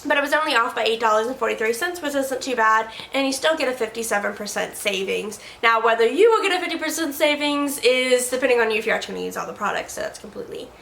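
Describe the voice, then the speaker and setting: Woman vlogger rambling about makeup at her desk, kinda high bright voice, echoey room. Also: lively intonation, quick pace, vocal fry, few pauses, a little hiss or hum. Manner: chatty, rambling, trips over words. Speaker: beauty vlogger host. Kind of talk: casual product review chat.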